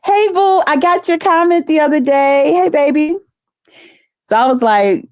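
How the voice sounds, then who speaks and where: A woman's voice: sits high, a little slow, darkish tone, no room sound, studio quality. A woman hosting a casual live stream, talking loosely with lots of profanity and greeting viewers by name. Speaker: livestream host.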